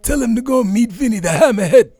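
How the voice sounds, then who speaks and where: Shrill, vicious mobster, loud and cackling, a man doing the bit. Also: expressive, quick pace, no echo, soft background music. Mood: gleeful.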